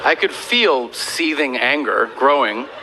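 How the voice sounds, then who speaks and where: A man's voice: medium pitch, slow pace. A man telling a stand-up story and acting out both sides of a conversation, on a stage recording with audience noise. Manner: animated storytelling, acting out quotes. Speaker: stand-up comedian.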